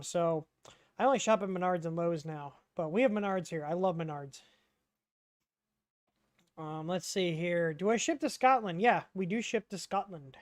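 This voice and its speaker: A man's voice: high voice, no room sound, clean studio sound. A man hosting a casual livestream Q&A, rambling and chatty, reading out chat questions with lots of ums.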